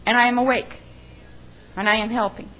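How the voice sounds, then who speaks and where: An earnest woman gives a heartfelt church testimony in a fairly high voice, sometimes halting as she speaks. Faint noise sits behind her. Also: steady tone, fairly bright tone, poor audio. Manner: earnest, emotional, halting at times. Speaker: funeral arranger giving testimony.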